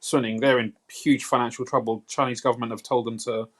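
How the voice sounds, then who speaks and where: A man's voice: medium pitch, flat delivery, brisk, fairly bright tone. Guy calling into a live stream, lots of ums, thinks it through. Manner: thoughtful, many fillers. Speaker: caller. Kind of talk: casual call-in chat.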